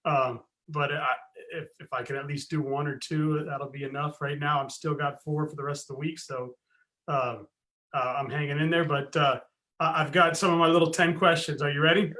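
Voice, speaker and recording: A man hosting a casual podcast interview, friendly and quick to laugh as he asks his questions. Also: on the high side, little pitch movement, bright, forceful tone. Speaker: podcast host.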